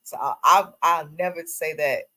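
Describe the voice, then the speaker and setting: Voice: medium pitch, normal speed. Laid-back co-host chiming in. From Southern US family. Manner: relaxed, chiming in with agreement and stories. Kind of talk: casual chat.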